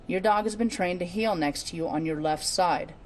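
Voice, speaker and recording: A woman narrating a training video in a calm, measured, scripted reading. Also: fairly low pitch, slight background noise.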